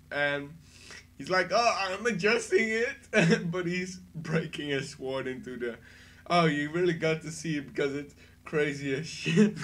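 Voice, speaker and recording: Excitable rambling man reviewing a show. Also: on the high side. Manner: rambling, excitable, laughs often. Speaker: anime reviewer. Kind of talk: casual spoken review.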